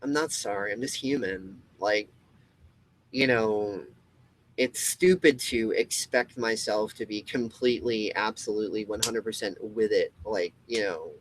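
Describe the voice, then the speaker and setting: A man's voice: on the low side, measured pace, slight background noise, low-quality recording. Emphatic rambling man ranting. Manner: rambling, emphatic, swears, restarts a lot, mocking quoted voices. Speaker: show host. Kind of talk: impassioned monologue.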